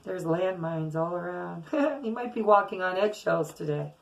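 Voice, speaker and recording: Gravelly-voiced woman giving a tarot reading. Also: lowish voice, unhurried, slight background noise, rough recording. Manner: earnest, emphatic, repeats words, occasional swearing. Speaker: tarot reader. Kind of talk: casual spiritual reading to viewers.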